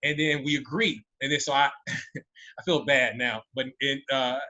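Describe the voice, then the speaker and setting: Panelist, American man, animated storyteller, tense bright tone, muffled recording. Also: medium pitch, measured pace. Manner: animated, with many restarts. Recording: dull lo-fi audio.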